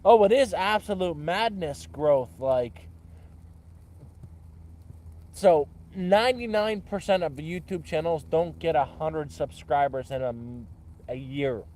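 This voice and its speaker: A Canadian man vlogging beside a campfire rambles on casually and repetitively, with restarts and swearing. He talks slowly in a fairly high voice with a darkish tone.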